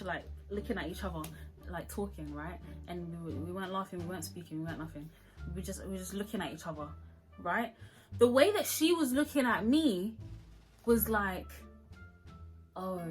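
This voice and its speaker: A young woman telling a funny story to camera, animated and laughing often, acting out the voices. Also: medium pitch, low-quality recording.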